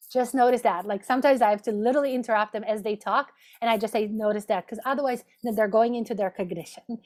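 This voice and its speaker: Woman therapist, fairly high voice, teaching a lunch-and-learn over a video call, talks step by step with "right?" check-ins. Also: a little mellow. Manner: explanatory, repeats "right?" as a check-in. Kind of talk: professional lunch-and-learn talk. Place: home office, video call.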